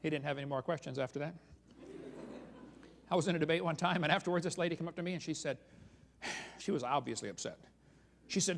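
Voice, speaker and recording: A man's voice: a little high, fast, creaky, long pauses, big-room sound, slight background noise. A man giving a humorous seminar talk as a creationist speaker, sarcastic and chuckling at his own jokes.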